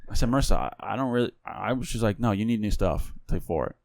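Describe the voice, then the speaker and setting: A young man co-hosting a podcast, telling stories quickly in casual chat and acting out quoted dialogue. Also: on the low side, creaky, no echo. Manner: fast, animated storytelling with quoted dialogue. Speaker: podcast co-host.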